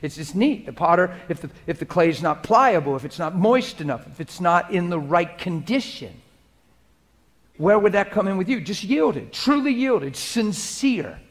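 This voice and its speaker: A man preaching a sermon, swinging between loud urgent exhortation and hushed, intimate modeled prayer. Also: high voice, lively intonation, moderate pace.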